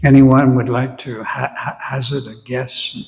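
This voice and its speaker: Male teacher, measured and slow, lecturing a congregation in a hall with a long echo. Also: medium pitch, little pitch movement, gravelly, darkish tone. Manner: unhurried, conversational, asks the audience questions. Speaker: visiting spiritual teacher. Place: temple hall with long reverb.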